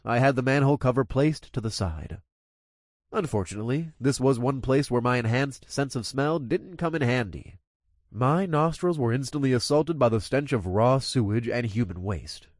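Expressive man narrating a gritty story. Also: mid-range voice, no room sound, clean studio sound. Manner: crude, coarse language. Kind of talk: first-person story narration.

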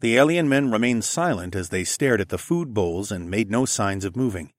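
A man's voice: on the low side, expressive, normal speed. A man narrating a first-person science fiction audiobook.

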